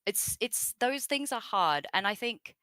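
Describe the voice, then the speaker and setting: A woman's voice: mid-range voice, lively intonation, unhurried, bright, forceful tone, clear, resonant tone, dry recording. An Australian woman guest in a casual interview chat, rambling and filling her talk with asides. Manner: chatty and rambling, with many fillers and asides. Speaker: voice actress guest.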